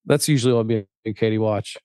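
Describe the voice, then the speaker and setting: A man's voice: fairly low pitch, fast, dark tone, smooth. A man co-hosting a podcast in casual chat, rambling with lots of fillers and frequent laughs. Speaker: podcast co-host.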